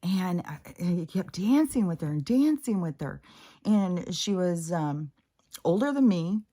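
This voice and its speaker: Low-voiced woman telling a candid story. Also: animated, a little slow, mellow. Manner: candid, profane, exasperated storytelling. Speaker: spiritual vlogger. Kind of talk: casual storytelling monologue.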